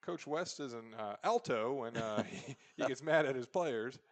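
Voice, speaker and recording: A man's voice: medium pitch, animated, normal speed. A man doing color commentary at a school soccer match, with dry, teasing banter. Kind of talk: local sports commentary.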